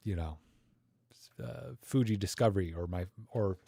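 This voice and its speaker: A man's voice: sits low, moderate pace, vocal fry, warm tone, breathy edge. A man hosting a live stream, critiquing viewer photos in joking, rambling chat full of fillers. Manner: joking, rambling, thinks aloud with many fillers.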